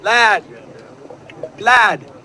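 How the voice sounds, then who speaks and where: A man putting on a goofy, high-pitched voice as a silly old man calling for a lad. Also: drawn-out words, pushed and bright, heavily acted.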